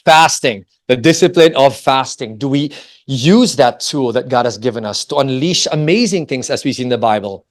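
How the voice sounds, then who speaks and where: A Filipino man in his forties gives a Christian family talk, telling a personal story with lively, animated delivery and frequently questioning the audience. He's a family ministry speaker with a medium-pitched voice and a moderate pace.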